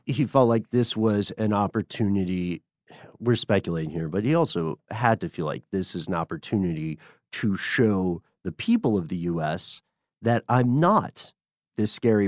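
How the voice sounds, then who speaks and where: A lower-pitched man who lays out history stories in an unhurried, explanatory way. He chuckles often, and his voice sits close and dry on the mic. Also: animated, a little mellow, dry recording. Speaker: podcast co-host. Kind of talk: casual history chat.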